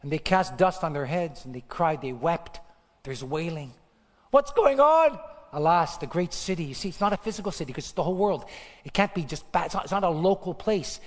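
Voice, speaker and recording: A man preaching an impassioned sermon, swinging between loud bursts and hushed lines, often stammering and repeating words. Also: a little high, a little fast. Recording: long hall reverb.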